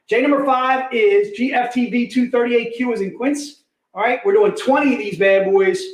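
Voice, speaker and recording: A man hosting a live comic book sale, pitching deals in energetic, repetitive, joking hype talk. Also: moderate pace. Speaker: host selling comic books. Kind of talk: live online sales pitch. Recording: echoey room.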